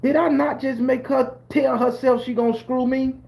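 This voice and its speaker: A man putting on an indignant clubgoing woman, high and incredulous. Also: fairly even intonation, moderate pace, creaky, darkish tone, heavily acted. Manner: incredulous, sassy, offended. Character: indignant young woman at a nightclub.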